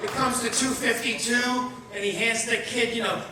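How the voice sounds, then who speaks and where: A middle-aged man performing a brash, profane stand-up comedy set with shouted bursts. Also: very high-pitched, steady tone, normal speed, a crowd in the background. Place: comedy show venue. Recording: echoey room, distant mic, audience.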